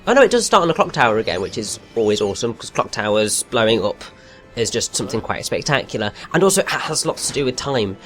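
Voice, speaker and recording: A man in casual game commentary who gets excited and rambles with enthusiasm. His pitch is mid-range and his delivery is loose. Faint game music plays under his voice. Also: fast talker. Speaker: let's play co-host.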